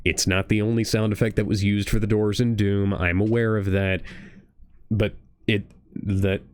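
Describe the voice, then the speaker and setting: A man with a fairly low voice co-hosts a livestreamed reaction show, explaining things in a rambling way with many restarts. He curses now and then and corrects himself in the middle of sentences. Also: little pitch movement, normal speed, clean tone, no echo. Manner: rambling, self-correcting, profane. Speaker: podcast co-host. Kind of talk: casual reaction chat.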